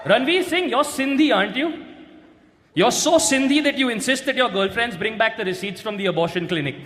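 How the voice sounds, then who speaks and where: A man doing a stand-up roast set, brash and often shouting his punchlines on a stage mic. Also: very high voice, expressive, fairly quick. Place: large hall with a live audience. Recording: echoey hall, loud crowd and noise.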